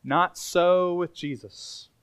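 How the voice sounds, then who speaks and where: High-voiced pastor preaching. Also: male voice, slow pace, a bit bright, smooth. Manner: conversational, emphatic preaching with many restarts. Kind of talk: sermon. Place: church sanctuary.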